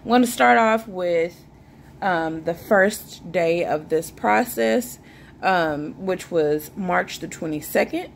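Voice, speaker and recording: A woman's voice: on the low side, takes it slowly, vocal fry, slight background noise. A woman, chatting casually and jokingly to her viewers. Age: 20s. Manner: chatty, joking, sips a drink while talking. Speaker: vlogger. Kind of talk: casual chat to camera.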